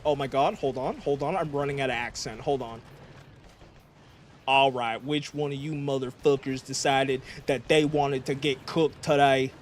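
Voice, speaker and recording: A man's voice: on the high side, a little hiss or hum, lightly acted. A man voicing a brash, crude male American president parody with a put-on American drawl, blustering and rambling with stammered restarts during a gaming livestream. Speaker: VTuber streamer.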